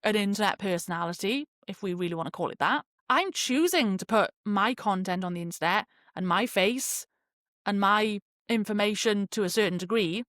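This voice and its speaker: A young woman talks through her podcast in a loose, chatty way, leaning on fillers and quick asides. Her voice sits at an ordinary middle pitch. The sound is dry and close, with no room around it. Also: dry recording. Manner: chatty, animated, many fillers like "like". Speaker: podcast host. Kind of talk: casual solo podcast talk.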